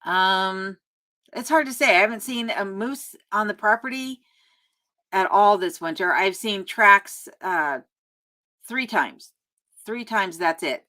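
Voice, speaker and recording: A woman's voice: mid-range voice, slow pace, bright, forceful tone. A woman hosting a casual live stream from her remote home, reading viewer comments aloud and chatting back in a friendly way with frequent laughs and ums. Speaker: YouTube host answering live chat.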